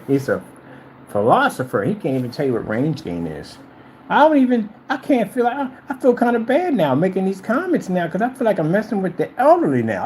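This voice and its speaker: A man's voice: mid-range voice, a little mellow, slight background noise, low-quality recording. A middle-aged man ranting to camera as a vlogger, rambling and repeating himself while addressing a rival directly.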